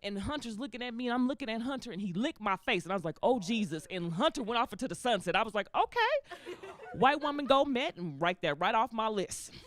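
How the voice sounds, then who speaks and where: A woman's voice: on the high side, quick pace, few pauses. A woman doing a stand-up comedy set, telling stories and acting out the voices of the people in them. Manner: animated storytelling, acts out voices of people in the story.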